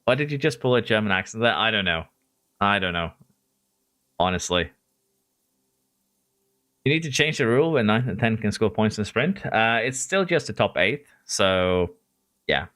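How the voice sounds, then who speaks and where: Excitable male game streamer, bright voice. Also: lowish voice, normal speed, pauses often. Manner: excitable, talks to drivers and chat. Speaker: gaming streamer. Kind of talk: live game commentary.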